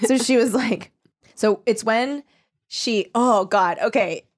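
A woman co-hosting a casual book discussion, talking animatedly and reading passages aloud with expressive inflection. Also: fairly high pitch, slow. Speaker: book club podcast co-host. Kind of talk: casual chat.

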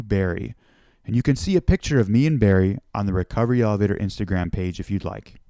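A man's voice: mid-range voice, creaky, warm tone, no echo, clean studio sound. A man from the United States hosting a podcast, telling a personal story in a reflective, conversational way. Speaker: podcast host.

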